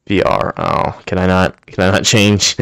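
A man's voice: low-pitched, fairly bright tone, no echo. A man giving gameplay commentary while playing in VR, ranting with constant swearing and exasperation. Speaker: gamer playing in VR.

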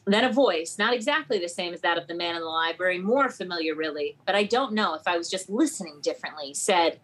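A woman co-hosting a podcast, reading a novel aloud calmly with quiet deadpan asides. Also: on the low side, fast, few pauses, slight background noise. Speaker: podcast co-host.

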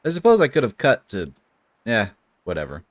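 A man's voice: medium pitch, wildly swooping pitch, moderate pace, dry recording, studio quality. A young man casually commenting on a game he plays, joking and laughing at himself. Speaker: gaming YouTuber.

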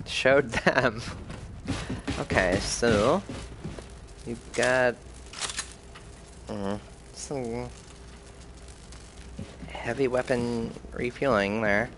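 Goofy tipsy game streamer, gravelly, slow, game noise behind. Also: male voice, medium pitch. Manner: goofy, rambling, silly noises. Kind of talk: live let's play commentary.

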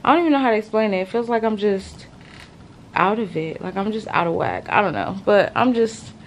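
A woman's voice: medium pitch, expressive. A young woman talks straight to her viewers from a hospital room, worn out, her words drawn out and loose with slang. A faint hum of noise sits behind her voice. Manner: tired, drawn-out casual slang. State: exhausted. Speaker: vlogger. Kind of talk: casual talk to camera.

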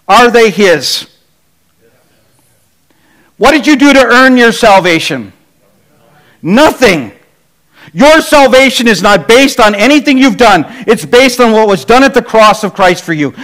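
Male pastor, middle-aged, high voice, conversational sermon full of rhetorical questions. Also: lively intonation, a little slow, fairly bright tone, rough recording.

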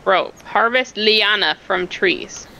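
Laid-back co-op partner, brightish voice. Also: medium pitch, slow, gravelly, a little hiss or hum, poor audio. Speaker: co-op gaming partner. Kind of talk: casual co-op gameplay chat.

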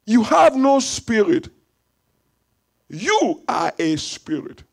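High, gravelly-voiced preaching man. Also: sing-song, slow pace. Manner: fervent call-and-response preaching, repeating phrases, bursts of shouting. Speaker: pastor. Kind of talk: sermon. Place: church service.

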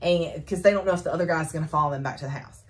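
A woman chatting casually as she recaps a novel for her book review, animated and full of fillers and laughs. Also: low-pitched, rapid-fire.

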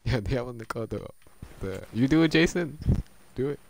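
A man's voice: mid-range voice, animated, fairly quick. A young man hosting a gaming video, chatting casually with friends, frantic and repetitive, swearing a lot. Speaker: gaming channel host.

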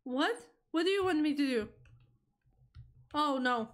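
A young woman streaming a horror game, reacting out loud, swearing and talking to the game as she plays. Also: high-pitched, lively intonation, unhurried, pauses often. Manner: jumpy, swearing, talks to the game. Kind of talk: live gameplay reaction.

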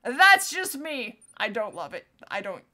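A woman's voice: a little high, very animated, a little slow, pushed and bright. A woman live-streaming a hunting game, bubbly and chatty, laughing often and greeting viewers by name while nursing a back injury.

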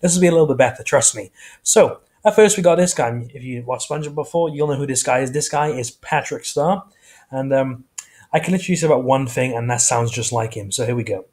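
A man's voice: mid-range voice, quick pace, a little mellow. Rambling casual male vlogger. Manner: rambling, self-correcting, casual. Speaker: YouTube host. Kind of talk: casual vlog chat.

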